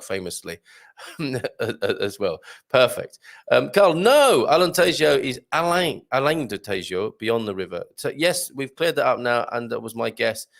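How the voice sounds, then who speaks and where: Chatty man, lively and gravelly. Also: medium pitch. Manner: light-hearted, chatty, laughs often. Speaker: host. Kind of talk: live-stream chat reading viewer comments.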